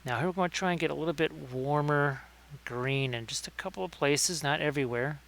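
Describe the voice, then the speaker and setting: A man's voice: on the high side, fairly quick, creaky, fairly bright tone, a little hiss or hum. A man hosting a casual livestream painting tutorial, chatting with viewers by name between painting tips. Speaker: miniature painting streamer.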